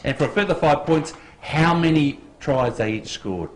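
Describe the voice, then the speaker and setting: A man's voice: on the high side, expressive, moderate pace, a little hiss or hum, rough recording. An Australian man hosting a live quiz at a football club, jokey and teasing with the contestants. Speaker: quiz host.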